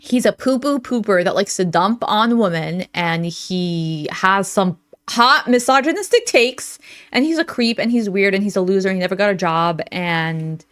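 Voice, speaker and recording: A young woman giving casual reaction commentary in a blunt, sarcastic, animated way. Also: mid-range voice, normal speed.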